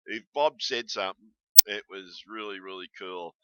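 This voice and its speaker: A man's voice: sits low, moderate pace, dull audio, heavy background noise. An Australian man talking in a casual, rambling vlog, blunt and swearing constantly. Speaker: YouTuber.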